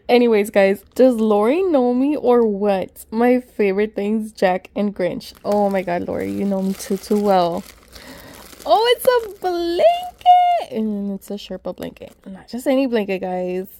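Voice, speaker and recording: Excitable woman unboxing gifts, mellow voice. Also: medium pitch, measured pace. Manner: excitable, says "guys" constantly. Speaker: vlogger. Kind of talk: casual unboxing chat.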